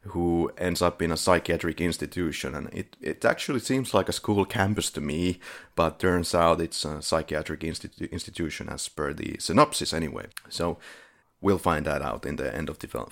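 Deep-voiced guy cohosting a podcast, rambly, fixes his words a lot. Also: normal speed, creaky, a bit bright. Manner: rambling, self-correcting, laughs often. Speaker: podcast co-host. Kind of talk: casual podcast chat.

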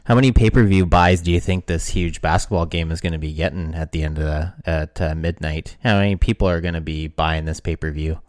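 Podcast co-host, male, very low voice, sarcastic and profane, dry booth sound. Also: fairly even intonation, fairly quick, hardly any pauses, darkish tone, no echo. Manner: sarcastic, profane, wrestling jokes. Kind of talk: casual chat.

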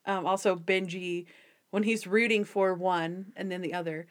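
A woman's voice: lowish voice, normal speed. A young adult woman co-hosting a casual podcast, recapping an episode with lots of laughter and acted-out quotes. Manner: animated, laughing, acts out quotes in varied voices. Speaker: podcast co-host.

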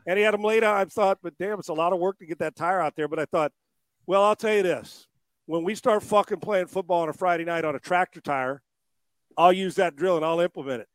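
A man with a fairly high voice tells coaching stories in casual chat, full of profanity and laughter. He works as a quarterback trainer. The sound is close and dry, with no room echo. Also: a little fast. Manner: profane, animated storytelling with laughs.

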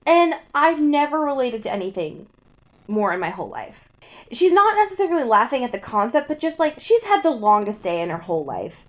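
Young woman, casual chat, animated, laughs a lot, slightly high. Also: fairly quick. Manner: animated, laughs often, acts out characters' lines. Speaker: co-host recapping a book.

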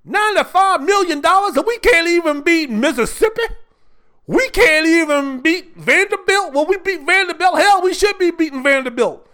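A man putting on a voice as a ranting Southern male college football fan, hollering with folksy outrage and drawn-out words. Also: very high voice, expressive, sharp tone, pitched above the performer's own voice, heavily acted. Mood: outraged rant.

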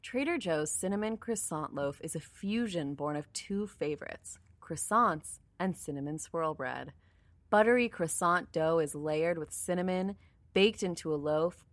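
A woman's voice: fairly low pitch, no echo. A woman co-hosting a casual food podcast, playful and laughing often, reading product text aloud. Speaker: podcast co-host. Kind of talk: casual chat.

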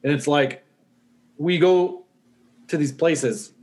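A man hosting a casual conversation, agreeable and quick to chime in. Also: fairly high pitch, darkish tone. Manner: agreeable, lots of backchannel.

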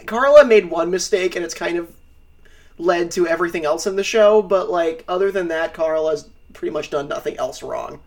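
A man co-hosting a podcast, chatting casually in an excitable, profane, enthusiastic way. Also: a little high, normal speed, vocal fry. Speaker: podcast co-host. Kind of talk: casual chat.

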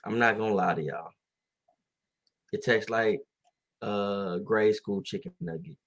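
Laid-back young man, lowish voice. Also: lively intonation, unhurried, gravelly, a bit bright. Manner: laid-back, laughs often, slangy storytelling. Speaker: podcast co-host. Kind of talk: casual chat.

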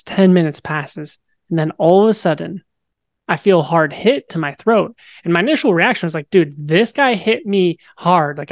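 A young man tells his own story in a relaxed, chatty way, leaning on filler words and getting animated as he goes. There is a mild flavor to his speech. The voice sits close and dry, with no room sound around it. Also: sits high, no room sound. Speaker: guest. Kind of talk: personal story in a podcast interview.

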